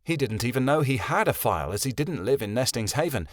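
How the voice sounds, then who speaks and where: A man narrating a fantasy audiobook in a steady storytelling voice. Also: medium pitch, fast talker, no echo, studio quality. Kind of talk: scripted narration.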